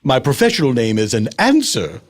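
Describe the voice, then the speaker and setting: A man's voice: mid-range voice, huge pitch swings, brisk. A man playing a haughty, prim, old-fashioned lady motorcycle daredevil in an improvised comedy podcast. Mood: imperious. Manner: prim, imperious, scolding.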